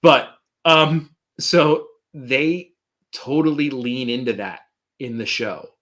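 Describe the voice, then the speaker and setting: A man co-hosting a casual chat show, excitable and quick to laugh. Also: medium pitch. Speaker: co-host.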